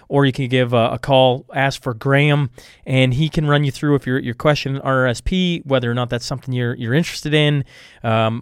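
Rambling Canadian podcast host with a cold. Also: male voice, medium pitch, smooth, dry recording, studio quality. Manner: rambling, self-deprecating, trips over words. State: has a cold. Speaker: podcast host reading sponsor ads. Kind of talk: casual podcast intro with ad reads.

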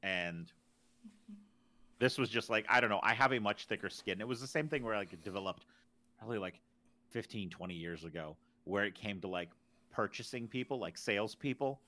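A man's voice: on the low side, animated, brisk, bright, forceful tone. A man co-hosting a podcast, chatting casually and stumbling over repeated words as he starts sentences. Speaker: podcast co-host. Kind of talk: casual chat.

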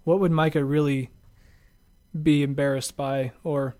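Chatty high-voiced man hosting a podcast. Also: steady tone, unhurried, warm tone. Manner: laughing, rambling, chatty. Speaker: podcast host. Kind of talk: casual chat.

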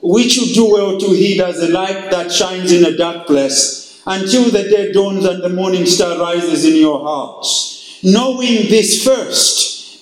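A man's voice: high-pitched, reverberant, rough recording. A male pastor preaching emphatically and reading scripture in a sermon.

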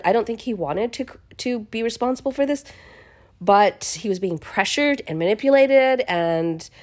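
A woman casually retelling a Bible chapter in her own words, expressive and chatty, often restarting her sentences. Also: medium pitch. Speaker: podcast host reading the Bible.

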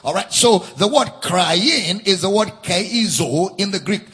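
A man delivers a sermon at a camp meeting, leaning hard on repeated phrases. His voice sits high and bright, with a strong husky rasp, and he takes his time between thoughts. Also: lively intonation, unhurried. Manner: emphatic preaching, repeats key phrases, spells out words for note-takers. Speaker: pastor.

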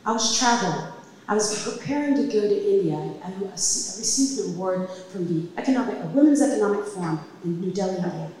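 A woman's voice: medium pitch, lively intonation, fairly quick. A middle-aged woman tells her own story live on a club stage, pressing her words with emphatic, impassioned force. Her voice sounds distant, carried by a long, echoing room reverb over a faint hum of noise. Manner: emphatic and impassioned, building to loud peaks.

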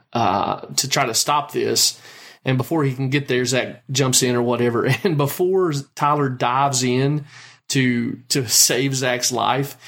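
A man hosting a podcast, telling stories in a lively way and laughing often. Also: medium pitch. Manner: warm, laughs often, animated storytelling. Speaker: podcast host. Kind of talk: casual chat.

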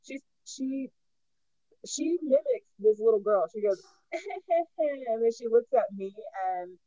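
Lively laughing woman podcast co-host. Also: a little high, slow pace, dry recording, lo-fi sound. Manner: animated storytelling, laughs often, acts out her kids' voices. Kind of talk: casual chat.

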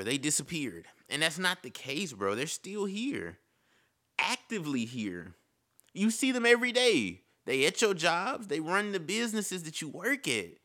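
A man's voice: fairly high pitch, sharp tone. A man giving an impassioned casual monologue, repeating his points and calling the listener "bro". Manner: impassioned, repetitive, says "bro".

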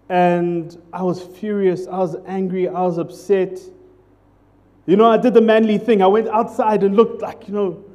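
A man's voice: high voice, moderate pace, mellow. A man preaching a sermon as pastor, in a conversational, jokey way, often putting questions to the congregation.

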